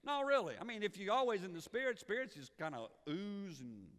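A man preaching a sermon as pastor, animated and repeating words as he builds each point. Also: sits high, fairly quick. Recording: long hall reverb.

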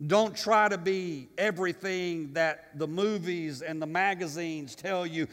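A man preaching with fervor, his fairly high voice rising into loud declarations, then dropping into quiet asides. His sermon rings with the long reverb of a church sanctuary. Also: moderate pace, hardly any pauses. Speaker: pastor.

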